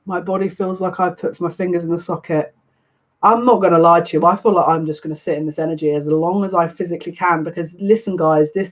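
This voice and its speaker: A tarot reader gives a collective tarot reading, overwhelmed and emotional, often breathless and restarting sentences. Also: medium pitch. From United Kingdom. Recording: slightly muffled lo-fi audio.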